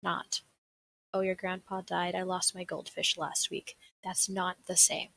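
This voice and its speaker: A woman's voice: on the low side, flat delivery, unhurried, gravelly, pushed and bright, a little hiss or hum, rough recording. A young woman with a Southern American accent, chatty and rambling as she presents a seminar on a livestream, laughing often. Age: young adult. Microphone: desk mic on a livestream.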